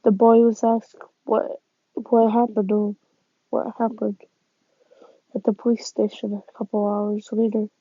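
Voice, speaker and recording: A woman casually narrating a fan story, halting, with sighs and restarts. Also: mid-range voice, level tone, breathy edge, no echo. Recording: dull lo-fi sound.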